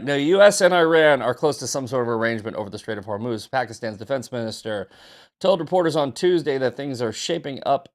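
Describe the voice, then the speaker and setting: Gravelly sarcastic man reading news. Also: mid-range voice. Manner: sarcastic, profane, offhand. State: just woke up. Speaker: host. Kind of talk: casual news commentary.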